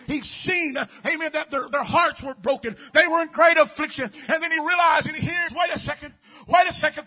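High, bright-voiced preacher shouting. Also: male voice. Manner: shouting preaching, peppered with amens. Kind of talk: impassioned sermon.

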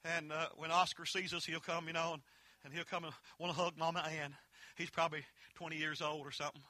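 A Southern Appalachian preacher delivers a holiness sermon in a very bright, ringing voice. He tells folksy, homespun stories and builds to impassioned peaks. He is recorded close and dry, with no room sound. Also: fairly high pitch, level tone, fast, dry recording. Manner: folksy storytelling that swells into impassioned shouting.

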